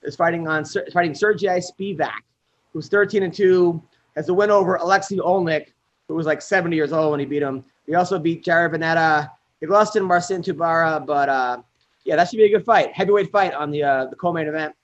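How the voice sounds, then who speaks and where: A man's voice: fairly high pitch, brisk, dull audio. A man hosting a podcast, casually running through upcoming fights with lots of fillers. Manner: rambling fight rundown with fillers. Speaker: podcast host.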